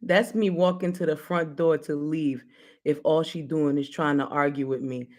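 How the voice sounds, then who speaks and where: A woman's voice: sits low, fairly even intonation, normal speed, a little mellow. Woman host, blunt and playful, chatting straight to her viewers. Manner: blunt, playful, laughs often, speaks to viewers. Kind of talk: casual live-stream talk show.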